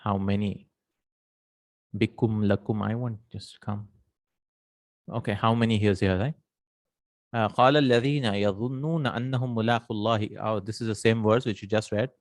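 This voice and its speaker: A man's voice: on the low side, no room sound. A man teaching an Arabic grammar lesson in English, explaining step by step, working Arabic terms into his speech and checking in with the listener.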